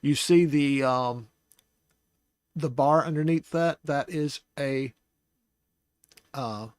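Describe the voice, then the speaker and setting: Slow, unhurried man teaching scripture. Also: a little high, no echo. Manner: unhurried, thinking aloud with restarts and soft laughs. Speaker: Bible study teacher.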